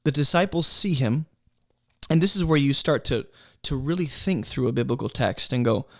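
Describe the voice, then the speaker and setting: A man's voice: mid-range voice, normal speed, no echo, clean studio sound. Man teaching a Bible workshop. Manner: conversational, emphatic, often checks in with "right?". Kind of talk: casual Bible study workshop.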